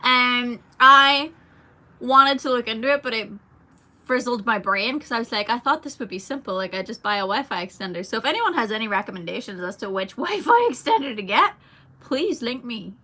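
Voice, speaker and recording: Expressive and fairly quick, this young Irish singer's voice is fairly high, bright, and forceful. Streaming live, she chats and giggles while reading fan comments aloud and answering them.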